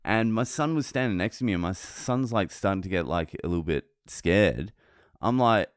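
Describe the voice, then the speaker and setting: Into a close mic, a comedian hosting his podcast launches into an animated storytelling monologue, blunt and thick with swearing. He speaks at a moderate pace in a lowish voice, with no room sound.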